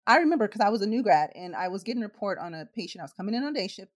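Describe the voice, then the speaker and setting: A woman's voice: medium pitch, very animated, racing. A middle-aged woman, a transport nurse, telling a story from work in a monologue and acting out both sides of the dialogue with rising indignation.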